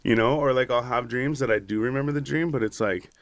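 A man's voice: medium pitch, fast talker, no room sound. Guy rambling through a story, swears a lot, says like every other word, dry close sound. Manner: acts out his own inner voice in quotes. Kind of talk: casual chat.

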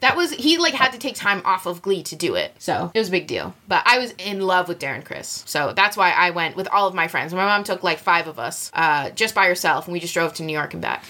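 A woman's voice: fairly low pitch, very animated, brisk, few pauses, bright, forceful tone. A young woman chatting casually on a podcast, giggly and full of fillers. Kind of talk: casual chat.

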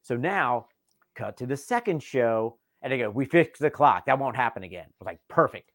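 A comedian from North Carolina and Delaware telling stories in a casual chat and acting out the dialogue. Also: male voice, medium pitch, normal speed, no room sound, studio quality. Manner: animated, acts out quoted dialogue. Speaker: stand-up comedian guest.

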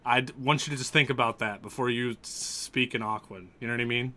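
A man running a tabletop game, casual and joking with his players. His voice sounds bright and forward, with plenty of hesitant fillers. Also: medium pitch, fairly even intonation, fairly quick. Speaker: game master.

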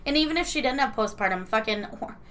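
A woman's voice: a little high, quick pace. A woman in her thirties co-hosting a casual chat, telling stories with lots of laughter and swearing. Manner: laughs often, swears freely, animated storyteller. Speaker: podcast co-host. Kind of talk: casual chat, reading listener letters.

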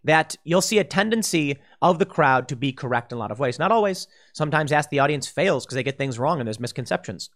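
A man's voice: on the high side, animated, fast, few pauses, fairly bright tone. A man giving opinion commentary in an exasperated, combative ranting manner. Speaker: political commentator.

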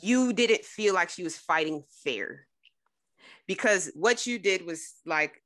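A woman's voice: lowish voice, expressive, slow pace, fairly bright tone, no echo. A woman hosting a podcast who asks probing questions and lays out hypothetical examples to unpack her guest's story. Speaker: podcast host. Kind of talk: interview questions.

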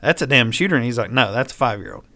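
A man's voice: medium pitch, fast. A man telling a hunting story in casual, profane talk, acting out the lines of the people in it. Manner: animated, profane, acts out quoted dialogue.

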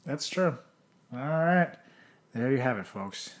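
A man's voice: medium pitch, expressive, slow pace. A man from Venezuela co-hosting a casual podcast, joking crudely and reading sponsor plugs. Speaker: podcast co-host. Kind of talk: casual chat.

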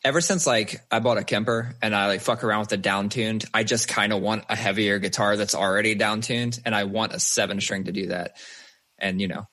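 A dad on a podcast, telling stories in a loose, animated way and cursing freely. His voice is bright and a bit husky. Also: lowish voice, a little fast. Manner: swears freely, animated storyteller. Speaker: podcast co-host and father. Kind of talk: casual chat.

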